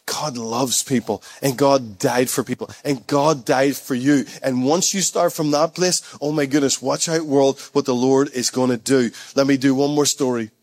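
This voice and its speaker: A man preaching a sermon to his church, telling stories conversationally and building to excited, rising peaks while calling out to the congregation. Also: medium pitch, moderate pace, few pauses. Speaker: pastor.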